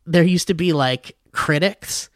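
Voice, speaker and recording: A man's voice: fairly high pitch, a little slow, dry recording, studio quality. A man co-hosting a podcast in casual chat, rambling and swearing between laughs. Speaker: podcast co-host.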